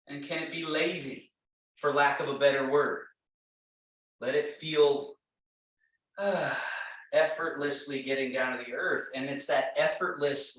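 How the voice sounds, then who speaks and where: Slow, calm man guiding tai chi in an echoey room. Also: mid-range voice. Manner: calm, slow, repetitive cueing. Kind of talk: guided exercise class instruction. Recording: very echoey room, mic far off.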